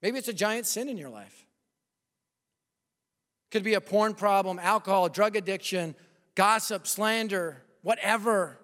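A man in his fifties preaching a sermon and telling a personal story, animated, swinging between loud bursts and hushed confessional lines. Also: high voice, a little slow, pauses often. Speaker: pastor. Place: large church hall. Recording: long hall reverb.

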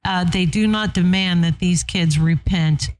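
A man co-hosting a talk show, speaking in a measured, moralizing way. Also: high voice, no room sound, rough recording. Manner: moralizing, measured, with back-channel murmurs.

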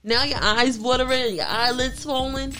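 A woman's voice: sits high, normal speed, sharp tone, faint music behind. A woman co-hosting a podcast, chatting casually and ranting emphatically. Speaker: podcast co-host.

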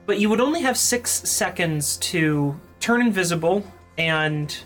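Low-voiced woman running the game. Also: lively intonation, unhurried, soft background music. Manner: explanatory, with fillers and laughs. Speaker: game master. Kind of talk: narrating a tabletop game.

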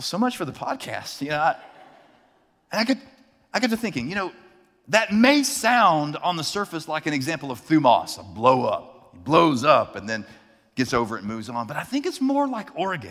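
A fairly high-voiced male preacher delivers a sermon in a reverberant hall. He builds his point through a personal story, acting out the people in it with animated energy. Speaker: pastor.

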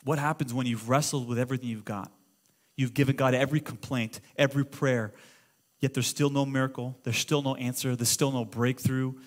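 A middle-aged man preaching a sermon as pastor, impassioned and conversational, at times shouting. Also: medium pitch, fairly even intonation, a little fast. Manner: impassioned preaching, swings to shouting when quoting prayers.

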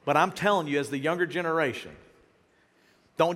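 A man's voice: a little high, brisk, a bit bright. A man, preaching an earnest, conversational sermon to his church. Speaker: pastor. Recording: echoey hall reverb.

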